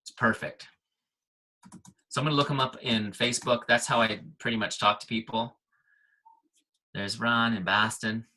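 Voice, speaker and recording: Guest trainer, male, middle-aged, bright husky voice, upbeat and punchy. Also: mid-range voice, fairly even intonation, moderate pace, pauses often, low-quality recording. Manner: upbeat, punchy, checks in with listeners. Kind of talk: software walkthrough on a team call.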